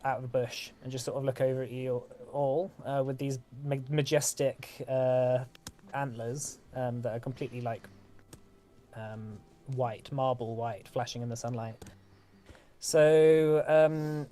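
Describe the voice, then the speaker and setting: A man's voice: medium pitch, fairly even intonation, unhurried, warm tone. A man narrating a tabletop game as game master, describing scenes hesitantly with many fillers.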